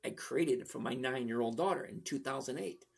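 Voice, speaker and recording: Speaking a little fast in a mid-range, gravelly, slightly rough voice, a man in his sixties runs a trading livestream. He reads out what viewers write and responds bluntly, rambling in casual stream talk.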